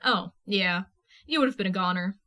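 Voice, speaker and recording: A woman reader voicing a brash, teasing young female vigilante who talks loud and swears freely. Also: medium pitch, moderate pace, natural voice. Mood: offhand.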